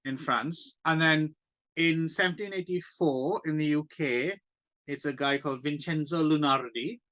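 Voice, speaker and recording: A man's voice: fairly high pitch, unhurried, fairly bright tone. A man co-hosting a book podcast in casual chat, wry and chatty. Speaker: podcast co-host.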